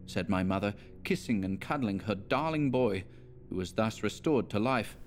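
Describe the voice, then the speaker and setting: Low-voiced man reading a dark tale. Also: soft background music. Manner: measured, dramatic reading. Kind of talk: scripted story narration.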